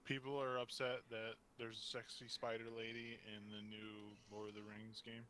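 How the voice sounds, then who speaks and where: Laid-back low-voiced male co-host. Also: flat delivery, normal speed, bright, forceful tone, a little hiss or hum. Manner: laid-back, brief replies. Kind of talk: casual gaming chat.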